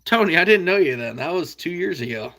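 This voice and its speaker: Bright-voiced folksy Midwestern man. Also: on the high side, expressive, brisk. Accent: American Midwest. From Iowa. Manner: easygoing, folksy, chuckles often. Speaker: livestream host reading viewer comments. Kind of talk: casual livestream chat.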